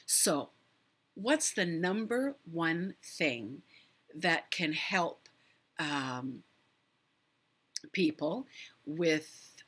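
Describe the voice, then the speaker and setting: A middle-aged woman hosting a live stream, giving voice tips in a measured way with many pauses and fillers. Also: deep voice, expressive, fairly bright tone, breathy edge. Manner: measured, hesitant with fillers, demonstrates voice techniques. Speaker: host.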